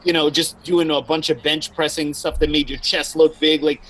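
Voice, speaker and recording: A man who teaches Wing Chun, calmly explaining his ideas as a guest in a casual chat. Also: on the high side, normal speed, slight background noise, poor audio.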